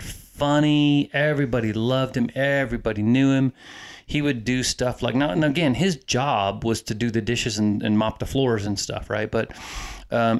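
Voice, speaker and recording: A man in his fifties, a former Coast Guard cook turned recruiter, reminiscing easily in casual chat, pausing often on "uh" and "um". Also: mid-range voice. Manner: easygoing, halting with "uh" and "um".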